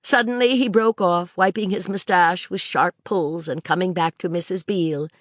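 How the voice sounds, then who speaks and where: A woman narrating a classic novel as an audiobook in a measured, expressive literary reading, close to the microphone. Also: on the low side, no echo.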